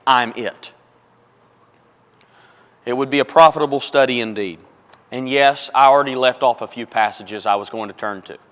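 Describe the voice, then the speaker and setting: A man's voice: on the high side, a bit bright. A man preaching a sermon to his congregation, emphatic and repetitive, calling them folks and brethren. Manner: emphatic, repeats phrases for stress, addresses congregation as folks. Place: church auditorium. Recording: long reverb of a church hall.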